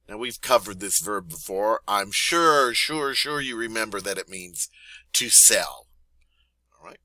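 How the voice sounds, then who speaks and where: A man teaching French vocabulary in a playful, chatty way, repeating each word slowly and teasing his students. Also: on the low side, bright, forceful tone, no echo. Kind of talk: vocabulary lesson.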